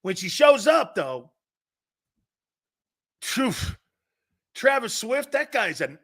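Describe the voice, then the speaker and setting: A brash, middle-aged man hosts a sports talk show, cracking profane jokes and laughing as he rambles. His voice sits fairly high for a man and sounds bright and sharp. He talks in a loose, rolling monologue. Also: very animated, takes it slowly, pauses often.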